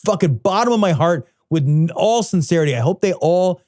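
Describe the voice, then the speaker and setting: High-voiced, heated male podcast co-host. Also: expressive, darkish tone, no echo, clean studio sound. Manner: profane, heated, quick to laugh. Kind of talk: casual political chat.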